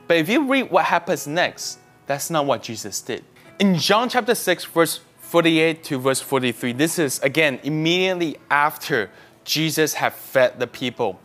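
Emphatic preacher man over soft music. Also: fairly high pitch. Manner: emphatic, rising on key words, repeats and restarts. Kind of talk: sermon. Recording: faint music behind.

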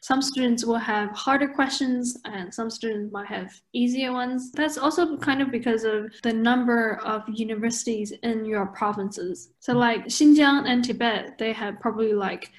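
Woman, fairly high voice, casual chat, laughs a lot, filler words. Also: moderate pace, few pauses. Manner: chatty, laughs often, many "like" fillers.

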